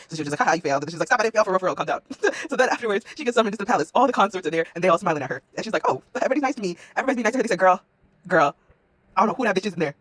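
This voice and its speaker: A woman's voice: sits low, no echo. Young woman rattling off a slangy recap. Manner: breathless retelling, slangy, acts out characters with "she's like" quotes. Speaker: drama review vlogger. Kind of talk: fast slangy plot recap.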